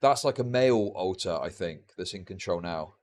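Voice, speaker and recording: A man's voice: low voice, expressive, moderate pace. A young man streaming live reaction commentary, profane and mocking with sarcastic asides.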